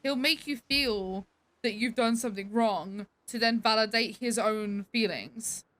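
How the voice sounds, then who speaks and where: A woman's voice: fairly high pitch, a little slow, fairly bright tone. A woman livestreamer chatting casually with her viewers, emphatic, swearing freely and laughing often. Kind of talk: casual chat to stream viewers.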